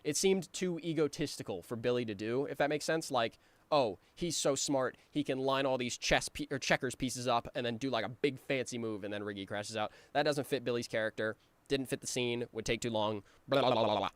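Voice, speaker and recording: Rambling animator, smooth dry voice. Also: male voice, medium pitch, no echo. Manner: rambling, with lots of ums and restarts; acts out his characters' lines in quick voices. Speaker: animator giving creator commentary. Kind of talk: casual commentary over his cartoon.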